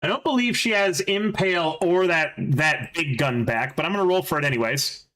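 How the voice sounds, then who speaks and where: A man running a tabletop game, explaining rules and narrating the fight. His voice is bright and fairly high. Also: moderate pace, low-quality recording. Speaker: game master.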